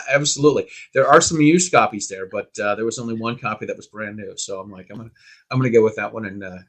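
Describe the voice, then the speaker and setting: Male co-host, excitable and eager, full of quick exclamations. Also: on the low side. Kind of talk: casual interview chat.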